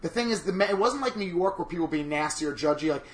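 A man co-hosting a chat show, telling stories in an animated, campy and profane way. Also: a little high, racing, reverberant, a little hiss or hum. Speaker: podcast co-host. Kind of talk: casual chat.

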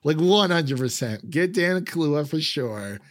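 A man's voice: a little high, expressive, a little slow, no echo, clean studio sound. A man chatting casually about a film, rambling with many fillers and frequent laughs. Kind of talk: casual film review chat.

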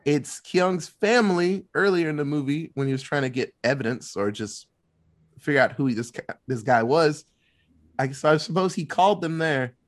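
A man in casual chat retelling a movie plot, animated and loose, swearing freely. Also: fairly high pitch. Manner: animated, swearing, quick asides.

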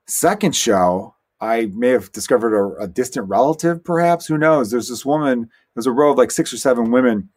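A man who is a stand-up comedian, hosting his own solo podcast and telling stories in a rambling, animated way with quick asides. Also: medium pitch. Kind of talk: casual solo podcast monologue.

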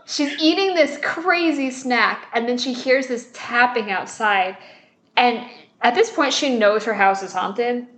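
Animated young woman recapping a movie. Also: fairly high pitch, unhurried, echoey room. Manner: animated, acts out quotes, swears, laughs. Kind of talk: casual movie discussion chat.

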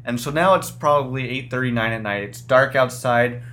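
A man co-hosting a casual chat, telling a story in an animated way and often breaking into laughter. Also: mid-range voice, brisk.

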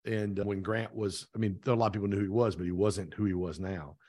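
Middle-aged male guest, low-pitched, dry close sound, animated storyteller who voices the dialogue. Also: quick pace, no echo. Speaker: podcast guest, real estate team owner. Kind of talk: casual storytelling interview.

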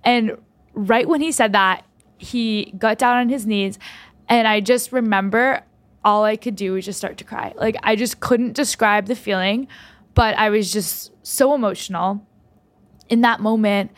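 A woman's voice: medium pitch, unhurried. A young woman hosting a podcast, telling a personal story in a rambling, heartfelt way with many restarts. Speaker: podcast host.

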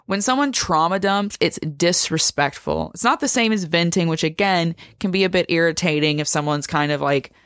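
Earnest low-voiced woman explaining. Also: moderate pace, hardly any pauses, no echo, studio quality. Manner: earnest, emphatic, repeats "right?" and "okay?" to check in. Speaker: speaker explaining a psychology topic. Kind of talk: explanatory monologue, podcast-like.

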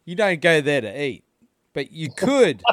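A man's voice: fairly high pitch, very animated, a little slow, fairly bright tone, no room sound, clean studio sound. Foul-mouthed ranting man. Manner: profane, ranting. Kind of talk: casual chat.

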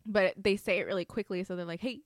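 A woman's voice: medium pitch, fairly even intonation, quick pace, no room sound. A young woman co-hosting a podcast, chatting casually in a giggly, rambling, self-mocking way. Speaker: podcast co-host. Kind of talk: casual chat.

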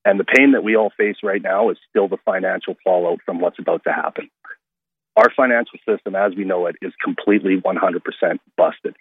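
A male radio caller talking in an earnest, halting way with many restarts, heard over a phone line. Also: sits low, husky. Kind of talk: call-in radio talk.

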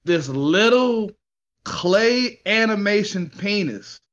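An excitable man recounts a story in loose, slangy chat, swearing and laughing along the way. His voice sits a little high and rings bright and forceful. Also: slow pace, lo-fi sound. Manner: slangy, says y'all and ain't. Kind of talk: casual chat.

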